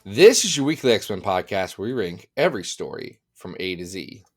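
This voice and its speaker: Animated, playful man co-hosting a podcast. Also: low-pitched, moderate pace, soft background music. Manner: playful, self-mocking, animated. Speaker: podcast co-host. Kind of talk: casual comedic chat.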